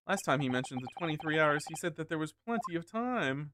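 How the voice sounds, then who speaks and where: A man giving casual, joking commentary while playing a game, excitable and laughing often. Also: fairly high pitch, a little fast, hardly any pauses, noisy background. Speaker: streamer. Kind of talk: casual let's-play commentary. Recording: game music behind the voice.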